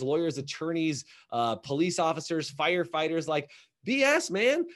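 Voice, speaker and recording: A man who coaches salon owners, talking in a casual podcast conversation, emphatic and animated, acting out little quoted voices. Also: fairly high pitch.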